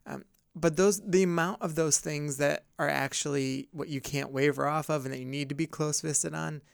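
A man's voice: fairly high pitch, steady tone, normal speed, gravelly, clean tone, no room sound, clean studio sound. A man hosting a casual podcast discussion as a pastor, talking earnestly in a rambling way with many fillers and restarts.

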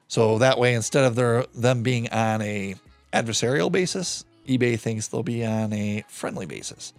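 A man hosting a podcast, retelling a true-crime case in a loose, animated, profane way. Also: mid-range voice, moderate pace, faint music behind. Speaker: podcast host. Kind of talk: casual true-crime storytelling.

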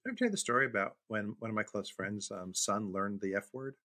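Man, middle-aged, podcast co-host, casual chat, low voice, acts out story voices. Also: quick pace, pushed and bright.

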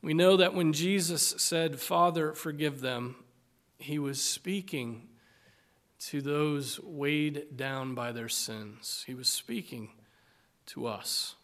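A male preacher delivering a sermon, reading scripture slowly and deliberately with dramatic, emphatic swells. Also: a little high, fairly bright tone.

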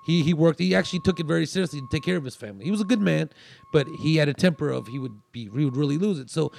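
A man's voice: fairly high pitch, very fast, creaky, darkish tone. A man telling a long story in casual chat, rambling with fillers and restarts.

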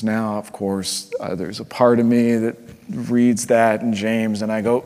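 A man's voice: medium pitch, unhurried. Earnest male preacher in a reverberant hall. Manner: earnest, swings from hushed to fervent. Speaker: pastor. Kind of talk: sermon.

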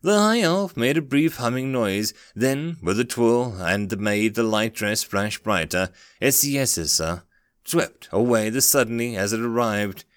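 A male narrator reading a fantasy story with a very lively, animated pitch. His voice is smooth and resonant, and the recording is close and dry. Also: unhurried, no room sound. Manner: expressive storytelling.

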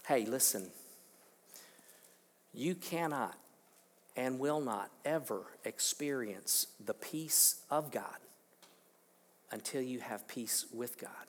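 A man preaching a sermon as pastor, emphatic, swinging between quiet and loud, asking rhetorical questions. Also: medium pitch, expressive, slow, long pauses, long reverb tail, a little hiss or hum. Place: church sanctuary.

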